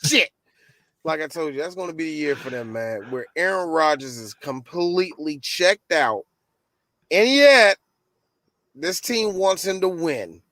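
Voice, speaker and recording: A man's voice: on the high side, unhurried, no room sound. A man co-hosting a casual football podcast, joking and swearing freely while he makes his picks. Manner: animated, profane, jokey. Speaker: podcast co-host. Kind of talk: casual sports chat.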